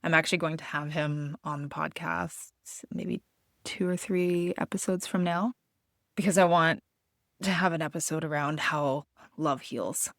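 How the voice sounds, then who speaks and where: Candid woman, low voice, dry close mic. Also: a little slow, no echo. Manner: candid, expressive, swears freely. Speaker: podcast host. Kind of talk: casual personal storytelling.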